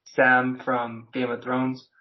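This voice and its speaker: A man's voice: mid-range voice, completely flat delivery, takes it slowly, dull audio. A man as a podcast guest, chatting casually in a laid-back way, swearing and using many "like" fillers. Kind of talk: casual chat.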